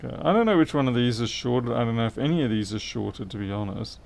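A middle-aged man with a mid-range, slightly mellow voice and some vocal fry talks quickly and animatedly. He's livestreaming a repair, chatting casually, rambling, thinking aloud and answering chat as he works.

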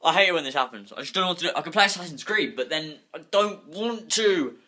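Talking fast with lively intonation, a young man with a fairly high, sharp voice records a casual vlog in his bedroom. He holds the phone in his hand and rambles restlessly, swearing freely.

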